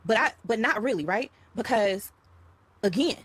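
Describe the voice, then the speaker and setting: A woman's voice: fairly high pitch, animated, normal speed, fairly bright tone, slightly rough. A middle-aged woman, talking in a casual spiritual vlog, emphatic and repetitive, calling her viewers y'all. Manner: emphatic, repeats phrases, addresses viewers as y'all and child. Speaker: vlogger talking to her followers.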